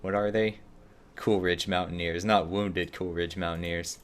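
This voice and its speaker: A relaxed man talks casually through a game on a live stream, answering viewer chat as he plays. His voice sits fairly low. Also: a little slow, slight background noise.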